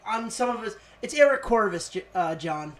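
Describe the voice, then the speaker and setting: A woman's voice: mid-range voice, expressive. A woman co-hosting a casual chat, telling stories full of swearing and laughter. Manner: swearing, laughing storyteller with quick asides.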